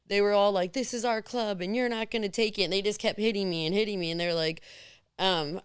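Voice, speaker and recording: A woman in her thirties, a podcast guest telling candid stories in an animated way, acting out the voices of others. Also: mid-range voice, a little fast, clear, resonant tone, no room sound, clean studio sound. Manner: animated, acts out quoted voices. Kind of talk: candid storytelling.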